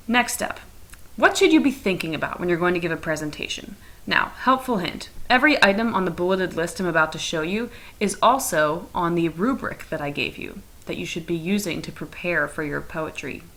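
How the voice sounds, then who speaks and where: A woman's voice: lowish voice, vocal fry, sharp tone, rough recording. A young adult woman teacher giving a chatty, playful recorded lesson from her couch at home. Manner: chatty, playful and fast-talking.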